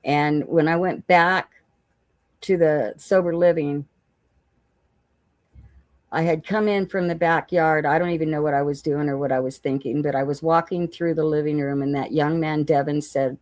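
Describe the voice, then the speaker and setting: Emotional woman with a low voice. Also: fairly even intonation, moderate pace, a little mellow, dry recording. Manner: emotional, retells conversations in quoted dialogue. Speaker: guest sharing recovery story. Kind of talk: candid personal storytelling.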